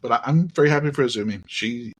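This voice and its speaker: A man's voice: medium pitch, quick pace, fairly bright tone, a little hiss or hum, poor audio. A man hosting a podcast in casual chat, upbeat and leading the segments. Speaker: podcast host.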